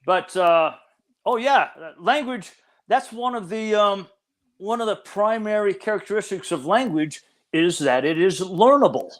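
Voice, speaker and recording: Earnest older man explaining, slightly raised pitch. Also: expressive, unhurried. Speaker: guest expert. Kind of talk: interview answers.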